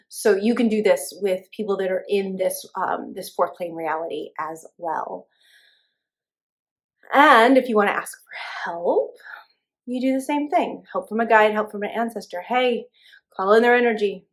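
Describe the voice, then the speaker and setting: A young woman leads a spiritual class in a loose, conversational way. She talks casually, with plenty of fillers and restarts. Her pitch sits in an ordinary middle range. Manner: relaxed, chatty, many fillers and restarts. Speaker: spiritual teacher.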